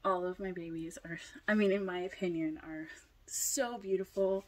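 A young adult woman chatting casually as she unboxes a doll, gushing with excitement, now and then dropping to a whisper and a little out of breath. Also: lowish voice, a little fast, slight background noise. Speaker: doll collector vlogger.

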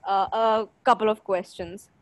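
A woman's voice: mid-range voice, fairly even intonation, measured pace, no room sound, rough recording. A young woman coaching a participant, playful and full of questions. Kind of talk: coaching conversation.

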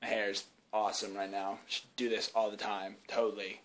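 A young man casually rambling in a behind-the-scenes vlog, excited and full of fillers, on an indoor home video set. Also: lowish voice, a little fast, slight background noise. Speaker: YouTube creator.

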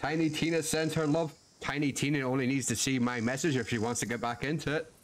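A man's voice: mid-range voice, steady tone, fast talker. A man streaming a western roleplay, talking in a folksy drawl, swearing and joking as his character. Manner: drawling folksy cowboy talk, swearing, laughing at himself.

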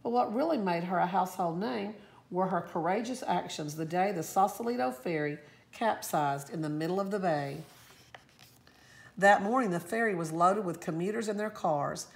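A woman teacher reading a storybook aloud with expressive, lively storytelling. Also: on the low side, moderate pace, creaky.

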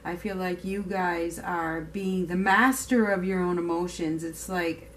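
A woman's voice: fairly low pitch, steady tone, measured pace, few pauses, slight background noise. A woman giving a casual tarot reading to her viewers, chatty and emphatic, now and then swearing. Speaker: tarot reader.

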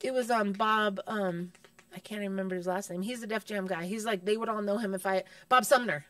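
A woman, a comedian, telling stories in casual chat, animated and profane, acting out other people's voices. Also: medium pitch, a little fast, no echo, recorded from a distance. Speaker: guest comedian.

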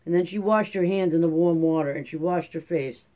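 A man reading a classic novel aloud in a steady, measured audiobook narration. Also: on the high side. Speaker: audiobook reader.

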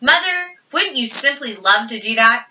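A woman's voice: a little high, animated, moderate pace, bright, forceful tone, a little hiss or hum. A woman voicing an eager, imaginative young farm girl who insists on her stories. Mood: earnest. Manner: earnest, insistent storytelling. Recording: roomy, distant, dull audio.

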